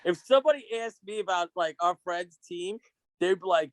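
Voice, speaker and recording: A man's voice: high-pitched, brisk, fairly bright tone, no room sound. A man co-hosting a podcast, telling profane stories in casual chat and laughing often. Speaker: podcast co-host.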